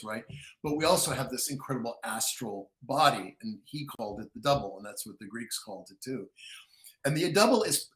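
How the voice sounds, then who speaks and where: A man talking as a guest author in a casual interview, excitable storyteller with frequent restarts who acts out quotes. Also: mid-range voice, reverberant, poor audio.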